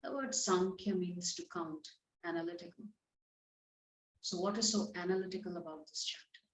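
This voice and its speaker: A woman's voice: fairly low pitch, animated, moderate pace, slight background noise. A woman giving a talk on scripture, explaining it conversationally and putting verses into plain everyday words. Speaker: scripture teacher. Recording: roomy, slightly dull recording.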